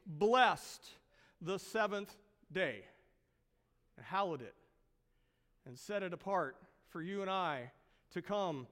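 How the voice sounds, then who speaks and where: A man's voice: high-pitched, expressive, slow pace, pauses often, a bit bright, big-room sound. A man preaching a sermon as a pastor, stretching out words for emphasis and asking the congregation rhetorical questions.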